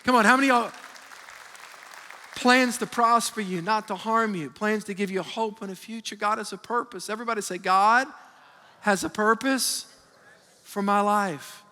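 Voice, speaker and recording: A man in his fifties, a pastor preaching a sermon with call-and-response and animated storytelling. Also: sits high, fairly quick, some chatter behind. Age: 50s. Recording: long reverb of a large hall.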